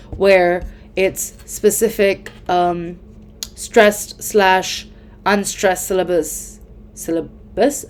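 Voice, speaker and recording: A woman's voice: mid-range voice, a little mellow. A young woman giving casual exam tips, chatty and full of fillers, often correcting herself mid-sentence. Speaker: student tutor.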